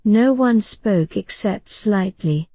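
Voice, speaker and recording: A woman narrating an audiobook in a calm, soothing bedtime reading style. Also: medium pitch, slow pace, no room sound.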